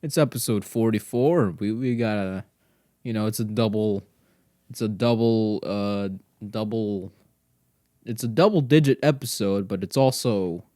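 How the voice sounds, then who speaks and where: A man's voice: lowish voice, measured pace, mellow, no room sound, studio quality. A young man hosting a solo podcast, rambling and swearing as he teases his dog, often dropping to a whisper. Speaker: podcast host.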